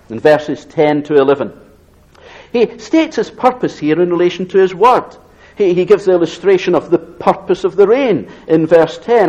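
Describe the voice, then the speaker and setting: A man preaching an expository sermon, reading scripture aloud and slowing down to stress key phrases. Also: fairly high pitch, a little mellow, low-quality recording. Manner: reads scripture aloud in raised tone.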